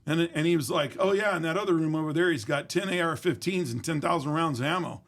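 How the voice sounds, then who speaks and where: A man's voice: on the high side, fast talker, creaky, few pauses, fairly bright tone. A man telling a story in casual conversation, blunt and profane, acting out every exchange. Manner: blunt, profane, emphatic retelling. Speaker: guest.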